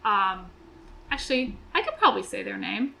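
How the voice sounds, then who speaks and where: Bright-voiced animated woman co-host. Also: mid-range voice, moderate pace, creaky, rough recording. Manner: animated, laughs easily. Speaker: podcast co-host. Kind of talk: casual chat.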